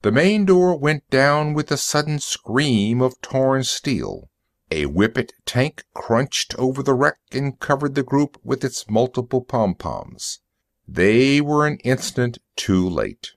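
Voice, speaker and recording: A male narrator reading a story slowly and deliberately for English learners. His pitch moves expressively, and the recording is dry and close with no room sound. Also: big pitch swings, gravelly, dry recording.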